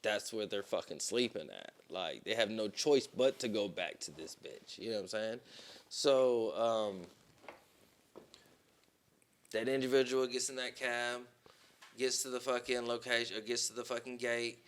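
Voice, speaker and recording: A man on a podcast telling a long story in casual, profane talk, with plenty of "boom" and "right?". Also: moderate pace. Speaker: podcast co-host.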